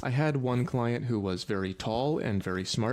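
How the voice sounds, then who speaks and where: A man's voice: mid-range voice, moderate pace, darkish tone. A man speaking as a dating coach, giving blunt, matter-of-fact advice in an instructional video.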